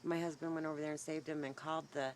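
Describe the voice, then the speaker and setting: A woman's voice: low-pitched, fast talker. A woman talks straight into her phone's own mic outdoors near her horses, chatty and rambling, with fillers everywhere. Her voice sounds a little shaky, and a faint hiss of outdoor noise sits under it. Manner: rambling, animated storytelling with many fillers. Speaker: vlogger. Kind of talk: casual rambling vlog. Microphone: phone's built-in mic, no clip-on mic.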